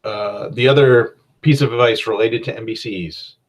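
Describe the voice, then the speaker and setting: A man's voice: on the low side, normal speed. A man hosting a casual solo podcast as a game master, giving rambling, conversational advice and often restarting his sentences.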